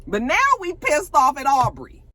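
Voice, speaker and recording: A woman's voice: high voice, normal speed, no room sound. A woman casually recapping a reality show episode, acting out quotes with swearing and laughter. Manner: animated storytelling, acting out quotes, cursing, laughing.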